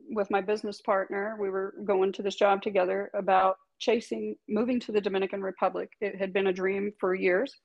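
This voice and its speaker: Guest voice: middle-aged woman, mid-pitched, emphatic storyteller who swears casually and laughs a lot. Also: gravelly, darkish tone, highs cut off. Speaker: guest, tattoo artist. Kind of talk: candid storytelling interview.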